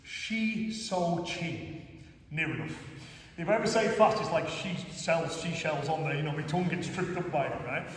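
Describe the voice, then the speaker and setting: A karate instructor with a Cumbrian accent teaches his class in a chatty way, often checking in with his students. His voice is a little high and brisk, recorded from far off in an echoey hall.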